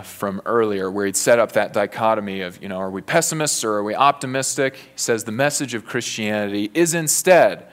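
Earnest low-voiced male preacher. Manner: earnest, conversational, frequent "you know" fillers. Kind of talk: sermon.

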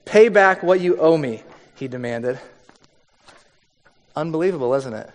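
A man's voice: fairly high pitch, lively intonation, measured pace, in a large hall. A man preaching a sermon, reading scripture and acting it out in a conversational way. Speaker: pastor.

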